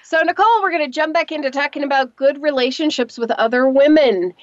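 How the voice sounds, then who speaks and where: A woman's voice: high voice, fast, dry recording. Agreeable woman co-host, dull lo-fi sound. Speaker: radio show co-host. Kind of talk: casual radio talk.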